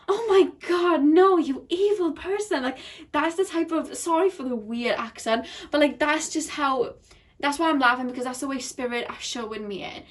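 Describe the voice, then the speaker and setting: A woman giving a casual pick-a-card tarot reading, chatty and full of fillers, often breaking into laughter. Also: on the high side.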